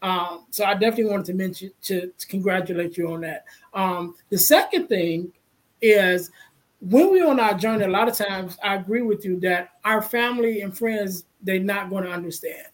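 A man hosting a casual podcast interview, speaking in a measured, affirming way. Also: high voice. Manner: measured, affirming, says "you know" often. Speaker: podcast host.

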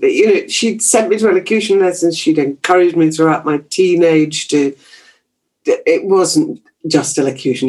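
A journalist being interviewed tells chatty, reflective stories from his youth, laughing easily and restarting his sentences. His voice is on the high side with a darkish tone.

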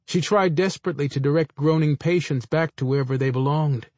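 A man reading a first-person story aloud in a measured, dry storytelling manner. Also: a little high, a little mellow, dry recording. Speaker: narrator.

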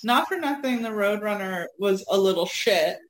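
A woman's voice: mid-range voice, expressive, normal speed. Chatty laughing woman in an echoey room. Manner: chatty, laughs often, rambling. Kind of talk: casual chat.

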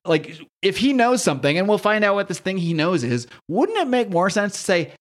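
Fast rambling podcast host. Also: male voice, high voice, big pitch swings. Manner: rambling, swearing, laughing asides. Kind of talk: casual comic-book recap.

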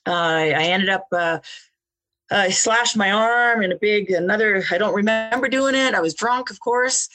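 Woman guest telling her story, lively, laughs a lot, stumbles over words. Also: medium pitch, normal speed, soft background music. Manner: animated, repeats words, laughs between phrases. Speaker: interview guest, author. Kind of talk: personal storytelling in conversation.

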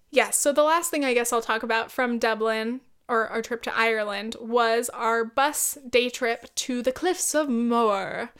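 Smooth-voiced woman telling a casual story. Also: fairly high pitch, a bit bright. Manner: blunt, profane, laughs often. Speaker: podcast host.

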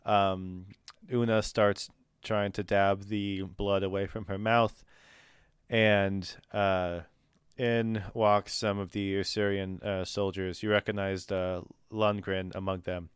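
Low, smooth-voiced male game master. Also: level tone, takes it slowly, dry recording, clean studio sound. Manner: hesitant, many fillers. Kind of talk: narrating a tabletop game.

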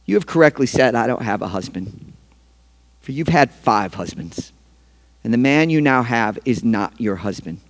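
A preacher acting out a calm grown man who gently but frankly confronts a woman, speaking in a hushed, kind tone. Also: medium pitch, moderate pace, voice pushed down, close to an everyday voice. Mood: gentle.

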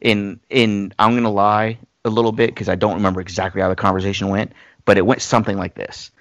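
Gravelly low-voiced man rambling on. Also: level tone, fast talker, no echo, dull audio. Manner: rambling storyteller, mimics voices in anecdotes. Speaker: podcast host. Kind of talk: casual chat.

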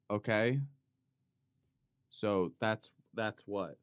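A man hosting a podcast in a loose, joking monologue that drifts from one tangent to the next. His mid-range voice swings widely up and down, with sudden loud bursts. The sound is close and dry, with no room behind it. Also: fairly low pitch, expressive, slow, long pauses, dry recording. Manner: playful, goes off on tangents, sudden loud outbursts. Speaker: podcast host. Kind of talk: rambling comedic monologue.

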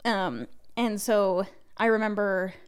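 A woman's voice: mid-range voice, fairly even intonation, slow pace, smooth. A young woman from Canada co-hosting a podcast, talking casually with lots of filler words and frequent swearing. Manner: chatty, swears freely, many filler likes. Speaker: podcast co-host. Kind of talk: casual chat.

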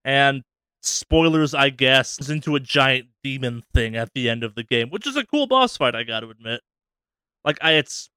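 A man co-hosting a podcast, rambling casually about a video game with many restarts and quick asides. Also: on the high side, smooth, no room sound. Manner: rambling, many restarts, animated voices for quotes. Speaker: podcast co-host.

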